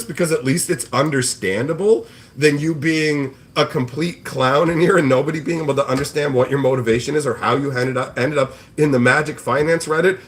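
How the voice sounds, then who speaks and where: A man hosting a casual livestream, ranting in a profane, exasperated way about card game scalpers and mocking people with put-on voices. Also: fairly high pitch. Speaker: card game show host.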